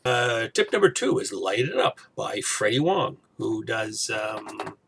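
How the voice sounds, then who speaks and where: A man's voice: lowish voice, expressive, unhurried, vocal fry, fairly bright tone, slightly rough. A man vlogging in a casual chat, rambling with frequent restarts and asides.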